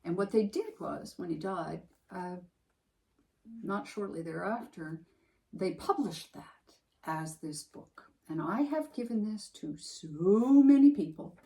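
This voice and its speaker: This low-quality clip features a woman podcast co-host speaking at a measured pace in a lowish, gravelly voice. Casually but emphatically, she discusses a book that meant something to her, staying animated and restarting as she works through her thoughts aloud.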